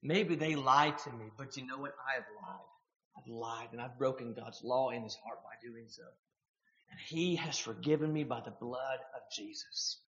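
A man preaching a sermon, swinging from hushed, quiet lines to loud, emphatic ones. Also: mid-range voice, normal speed, echoey room, lo-fi sound.

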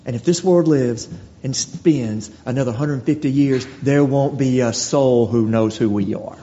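A man preaching a sermon, earnest and full of rhetorical questions, dropping to quiet, slow lines for emphasis. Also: mid-range voice. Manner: earnest, rhetorical questions, slows and drops to near-whisper for emphasis. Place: church sanctuary. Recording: dull recording with long hall reverb and faint noise.

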